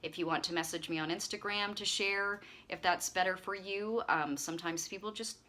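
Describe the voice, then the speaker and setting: Woman, bright tone, slightly low pitch, casual vlog chat, rambling with fillers. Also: moderate pace. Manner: chatty, warm-hearted rambling with frequent fillers. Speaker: channel host.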